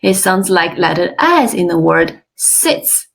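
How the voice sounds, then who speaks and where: A woman teaching an online language class, modeling sounds slowly and with exaggerated tones, praising often. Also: on the low side, very animated, creaky. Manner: slow, careful, exaggerated tone demonstrations; encouraging, frequent praise. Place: online webinar.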